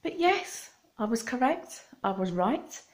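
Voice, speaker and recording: A woman's voice: fairly high pitch, sing-song, measured pace. A middle-aged woman with a Scottish accent, chatting casually and rambling to camera, laughing often. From Scotland. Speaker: vlogger.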